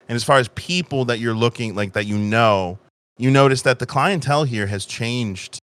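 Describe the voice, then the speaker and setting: A man narrating a tabletop game in a loose, casual way, swearing freely. He talks slowly, and his bright voice sounds close and dry. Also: mid-range voice, clean tone, dry recording. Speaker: game master.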